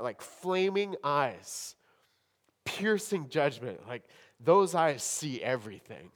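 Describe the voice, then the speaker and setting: A man preaching a sermon in a church hall, with dramatic swings between loud emphasis and hushed tones. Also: medium pitch. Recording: long hall reverb.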